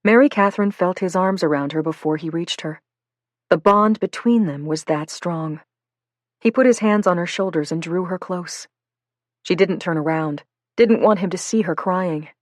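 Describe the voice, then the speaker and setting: A woman reading a novel aloud in an even, measured storytelling style, close to the mic. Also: lowish voice, no room sound. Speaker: audiobook narrator. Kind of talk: scripted narration.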